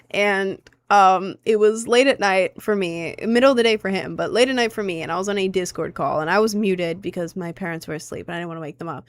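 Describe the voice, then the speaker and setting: A woman's voice: medium pitch, clean tone. A young woman in her twenties chats casually with her viewers. She rambles and hesitates, packing her talk with filler words. The sound is dry and close, with no room echo. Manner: rambling, filler-heavy, self-conscious. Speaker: streamer answering chat. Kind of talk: casual chat.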